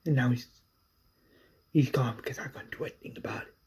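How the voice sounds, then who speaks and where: A man voicing a shaken male survivor who blames himself, talking haltingly and repeating himself. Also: husky. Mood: guilt-ridden. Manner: halting, repeating, low and hushed.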